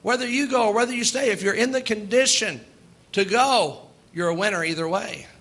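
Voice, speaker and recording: A man's voice: high voice, fairly quick, a bit bright. A middle-aged man, preaching a sermon in an emphatic, rising and falling cadence.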